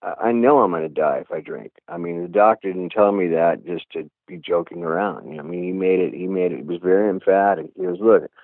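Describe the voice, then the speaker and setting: A man's voice: deep voice, fast, few pauses, no echo. A middle-aged man, a guest musician, talking candidly in an interview, rambling and leaning on "you know" again and again. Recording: tinny phone line.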